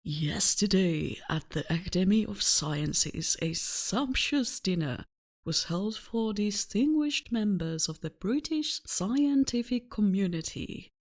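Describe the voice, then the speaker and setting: Old-time newsreader reading formally and slowly, a woman puts it on. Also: medium pitch, animated. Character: woman newsreader, vintage style.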